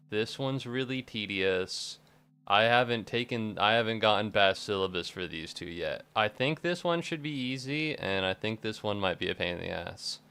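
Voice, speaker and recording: A man's voice: lowish voice, creaky, a bit bright, clear, resonant tone. A young man in his twenties, a college student chatting casually on a live stream, rambling, swearing freely and laughing often. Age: 20s.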